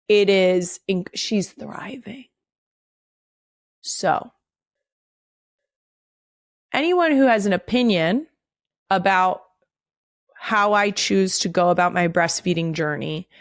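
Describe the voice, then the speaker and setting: A woman's voice: mid-range voice, dry recording. Podcast host, woman in her thirties: blunt, candid, salty-mouthed, close dry studio sound. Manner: blunt, swears freely, animated when reading segments. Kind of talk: casual podcast chat.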